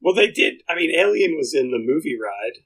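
Male co-host, bright mid-range voice, dry jokester, stumbles on restarts. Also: fairly high pitch, sing-song, fairly quick, low-quality recording. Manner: dry, joking, stammers on restarts. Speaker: podcast co-host. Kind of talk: casual chat.

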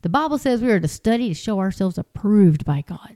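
A woman's voice: medium pitch, lively intonation, brisk, warm tone. A woman talking in a casual, rambling way, full of fillers and restarts, sounding exasperated and incredulous. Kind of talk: casual commentary.

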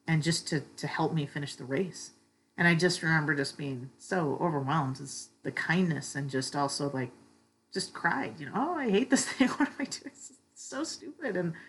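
Low, husky woman giving an earnest faith talk. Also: fairly bright tone, poor audio. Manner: earnest, heartfelt storytelling. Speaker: church speaker. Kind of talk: personal faith talk with a story.

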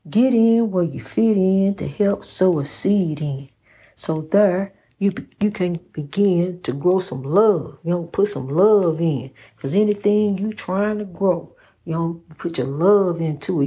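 A woman's voice: fairly low pitch, dark tone, slightly rough. Woman preaching love and faith. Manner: preachy, repeats phrases, calls listener honey. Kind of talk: impassioned faith-based pep talk.

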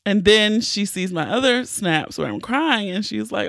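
A tearful woman hosts a podcast and tells a personal story at an unhurried pace. Her voice is gravelly, and the sound is dry and close. She talks candidly, with many fillers and restarts. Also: mid-range voice, lively intonation, no echo. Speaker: podcast host.

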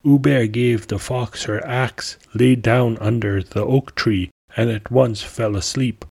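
A man narrating a folk tale as a storyteller, in a measured, steady way. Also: medium pitch, vocal fry, husky. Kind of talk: scripted narration.

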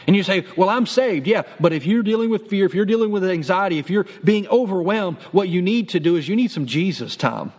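A man's voice: high voice, animated, a little fast, hardly any pauses, a little mellow, in a large hall. A man preaching a sermon in an earnest, encouraging way, repeating key phrases for emphasis. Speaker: pastor.

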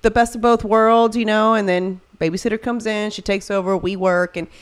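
Woman, casual chat, animated storytelling, lots of fillers, mid pitch. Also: moderate pace, clear, resonant tone. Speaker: podcast co-host.

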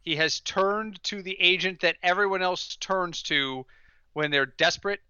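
Co-hosting a laid-back sports podcast, a high, bright-voiced man spins lively stories and works his rants up to funny payoffs. His pace is measured and his tone smooth, while the recording sounds dry, a touch dull, and close-miked.

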